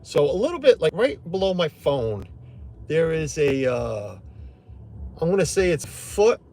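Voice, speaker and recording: A man's voice: on the high side, big pitch swings, unhurried, dark tone. A middle-aged man hosting a live stream from inside his truck, rambling casually and greeting viewers by name.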